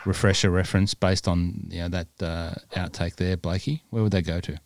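Deep-voiced podcast guy, chatty and rambly, lots of ums, dry close mic. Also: steady tone, normal speed, vocal fry, darkish tone, no echo. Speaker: podcast co-host. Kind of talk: casual chat.

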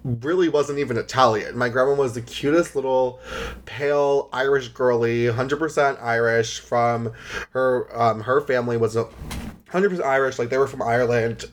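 A man's voice: medium pitch, fairly even intonation, measured pace. Chatty young man rambling on a podcast. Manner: chatty, rambling, heavy use of "like". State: emotional, near tears. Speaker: podcast host. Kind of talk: casual solo podcast chat.

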